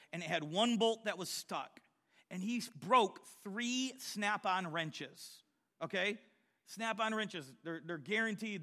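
A middle-aged pastor whose voice sits high preaches a sermon built around personal stories. He swings from quiet storytelling to loud exhortation.

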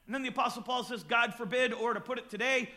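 A man preaching a sermon, moving between quiet, close talk and sudden loud, emphatic shouts. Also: extremely high pitch, fast.

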